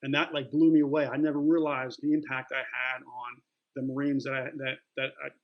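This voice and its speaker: A man's voice: medium pitch, flat delivery, a little fast, lo-fi sound. Plain-spoken middle-aged man. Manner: plain-spoken, loose, many fillers and restarts. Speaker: interview guest, retired Marine. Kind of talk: casual storytelling.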